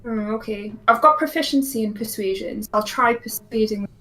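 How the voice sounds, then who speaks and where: A woman's voice: fairly high pitch, normal speed, bright, forceful tone, poor audio. A woman playing a tabletop game, hesitant, with many ums. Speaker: player.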